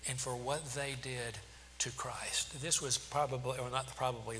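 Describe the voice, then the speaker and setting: A man delivers a sermon, pressing his listeners with rhetorical questions. His voice is bright and clear, and it rings out with a long echo through a large hall. A faint hum runs underneath. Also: medium pitch. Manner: asks rhetorical questions, emphatic preaching. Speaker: pastor.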